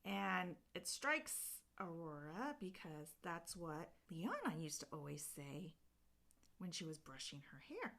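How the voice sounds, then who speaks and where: A woman talks through a book plot in a relaxed vlog chat, stringing the story together with a steady stream of filler words. Her voice sits a little lower than most women's, and she rambles easily from one point to the next. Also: slow, creaky. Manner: rambling storyteller, heavy use of filler 'like'. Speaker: vlogger. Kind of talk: casual chat, retelling a book while doing nails.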